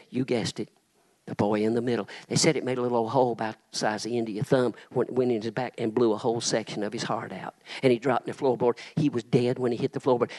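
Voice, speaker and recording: An older man preaching a dramatic revival sermon, dropping to hushed whispers and then rising to loud shouting. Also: medium pitch.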